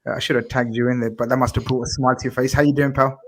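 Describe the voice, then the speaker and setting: A man's voice: mid-range voice, little pitch movement, racing. A man hosting a casual football chat show, chatty and teasing his guests. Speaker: podcast host.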